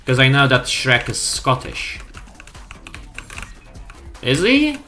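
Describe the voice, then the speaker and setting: A woman's voice: extremely low pitch, big pitch swings, slow, sharp tone, soft background music. A woman streamer chatting casually over gameplay, sweary and wry, often mocking herself.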